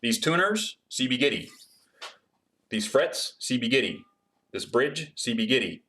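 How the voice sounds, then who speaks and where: A man hosts a casual livestream Q&A while he demonstrates how he builds guitars. He reads questions from the chat aloud and answers them in a chatty way, filling his speech with ums. His voice sits at an average pitch. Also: sing-song, unhurried, sharp tone.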